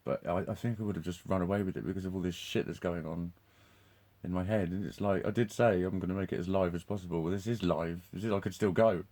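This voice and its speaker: Male vlogger with a deep, warm voice, loose and profane, breaks into laughs. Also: steady tone, quick pace. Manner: swears constantly, laughs often, restarts sentences. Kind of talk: rambling live monologue.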